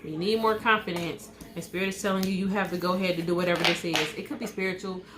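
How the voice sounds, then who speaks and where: A woman's voice: fairly low pitch, steady tone, fast talker, heavy background noise. A woman reading tarot cards in a casual, reassuring way, often checking in with "okay". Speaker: tarot card reader, host. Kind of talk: casual live card reading.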